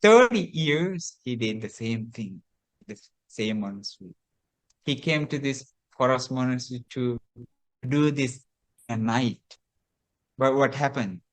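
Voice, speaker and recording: A man, a Buddhist monk, telling a teaching story in a sermon, slow and repetitive with hesitant restarts. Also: medium pitch, expressive.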